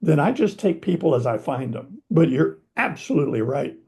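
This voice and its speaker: A male host with a somewhat high but mellow voice. He speaks in a measured way, qualifying each point with care as he responds to his guest. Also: big pitch swings. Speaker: channel host. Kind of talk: conversational interview.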